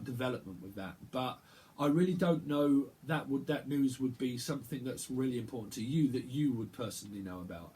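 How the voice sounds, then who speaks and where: A man giving a channeled tarot reading, rambling and halting, often repeating words as he picks up messages. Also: medium pitch, a little mellow. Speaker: tarot reader.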